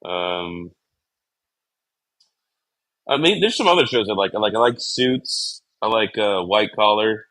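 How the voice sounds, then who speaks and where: A man with a very deep voice chats casually. He is relaxed and unhurried, pausing on fillers. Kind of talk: casual chat.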